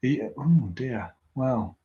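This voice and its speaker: The YouTuber, a Briton running a live tinkering stream, speaks slowly in a mellow, medium-pitched voice with lively intonation. He rambles chattily through viewer comments, often at his own expense, in a dull, roomy-sounding recording.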